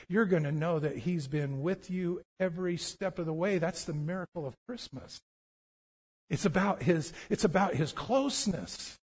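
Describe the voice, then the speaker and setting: Male pastor, high voice, animated storytelling sermon, long hall reverb. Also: husky.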